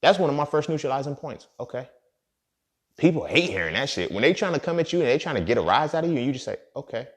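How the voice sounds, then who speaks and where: At medium pitch but with big swings in intonation, this young man talks fast on his podcast. It's a casual, profane, street-flavored monologue full of "you feel me" checks.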